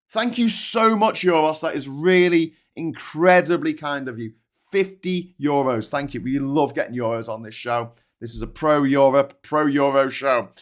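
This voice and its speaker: On his livestream, a middle-aged Scouse host rants angrily and bluntly, swearing heavily, before turning to read out comments from viewers. His voice is medium in pitch with a fairly bright tone.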